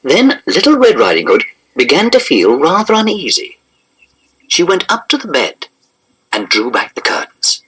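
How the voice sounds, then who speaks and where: A man reading a children's storybook aloud in an expressive, animated narration. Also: a little high, normal speed, slightly rough, rough recording.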